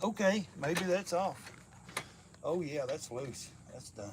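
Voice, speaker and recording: A man with a slightly high voice and a slight lisp rambles and cusses as he wrenches on a motorcycle, chatting away to his viewers. His talk is loose and joking, and there is clear noise around him in the recording. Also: expressive, slow. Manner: swears freely, rambling and joking, talks to live viewers. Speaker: motorcycle vlogger. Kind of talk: casual chat while wrenching.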